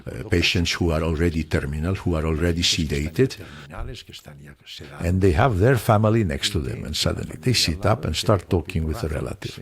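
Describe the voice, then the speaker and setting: An older man from Spain, a retired surgeon, answering interview questions in a calm, earnest, reassuring way. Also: sits low, normal speed, creaky.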